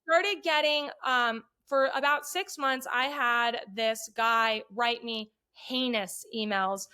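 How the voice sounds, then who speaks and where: A woman's voice: fairly high pitch, takes it slowly, clear, resonant tone. A woman, a podcast guest, telling casual stories bluntly and with lots of swearing, acting out the voices of the people in them. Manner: blunt, profane, animated retelling with quoted voices. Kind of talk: casual storytelling chat.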